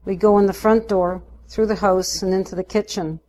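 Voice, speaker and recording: A woman narrating a first-person story in a steady, unhurried way. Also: medium pitch.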